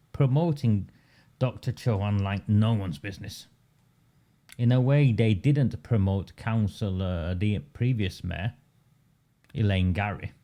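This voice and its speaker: A man's voice: on the low side, mellow. A man delivering a combative, sarcastic political commentary monologue, full of rhetorical questions. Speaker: local political campaigner.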